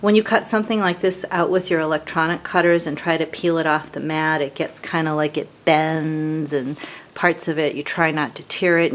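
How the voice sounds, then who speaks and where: A woman's voice: low-pitched, a little hiss or hum. A middle-aged woman casually demonstrating papercraft dies, chatty and self-deprecating as she admires each piece.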